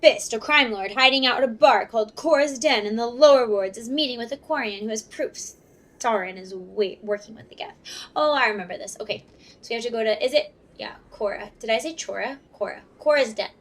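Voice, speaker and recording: A woman's voice: a little high, fairly quick, a bit bright. A young woman streamer giving casual, chatty, giggly commentary while playing a video game at home on a desk mic. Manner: chatty, giggly, self-mocking. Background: game music.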